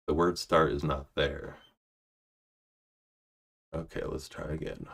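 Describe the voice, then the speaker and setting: A man's voice: extremely low pitch, flat delivery, drawn-out words, gravelly, long pauses, a bit bright, breathy edge. A man streaming live, chatting casually and reading his own poetry aloud, restarting lines when he slips. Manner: self-deprecating, restarts lines, muttering asides.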